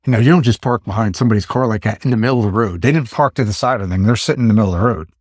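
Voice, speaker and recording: A man's voice: lowish voice, rapid-fire, darkish tone, no room sound, clean studio sound. A man in his fifties, a podcast host telling a story in casual chat and acting out his own thoughts in exclaimed asides. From Pennsylvania. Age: 50s.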